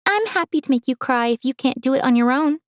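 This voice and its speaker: A woman's voice: sits high, expressive, fast, no room sound, voice pushed up. Woman doing a jealous, sneering teen girl. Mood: mocking. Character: jealous mocking teenage girl cousin.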